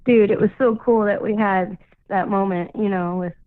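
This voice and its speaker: A woman's voice: mid-range voice, fairly even intonation, normal speed, dry recording. A woman calling in to a radio show, telling a story casually, with lots of "like" and "you know". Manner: chatty, full of "like" and "you know". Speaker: caller. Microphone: phone. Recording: tinny phone line.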